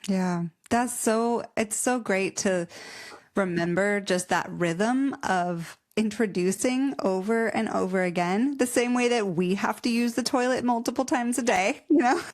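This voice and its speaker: A woman hosts a parenting podcast. She asks questions in a casual, conversational way and keeps the guest going with steady little murmurs of agreement. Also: medium pitch, measured pace. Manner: encouraging, frequent affirming murmurs. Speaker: podcast host. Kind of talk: casual interview talk.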